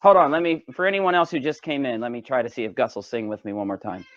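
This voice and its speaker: A man's voice: medium pitch, steady tone, fast talker, a bit bright, no room sound. A man live-streaming from home, chatting casually and rambling, swearing freely and talking to his cat between remarks. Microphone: desk microphone. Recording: dull lo-fi dry home mic.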